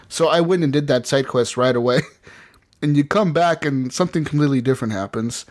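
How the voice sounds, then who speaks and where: A man's voice: on the high side, a little fast. A man co-hosting a gaming podcast, chatting casually and animatedly, swearing often and acting out bits of game dialogue. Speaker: podcast co-host.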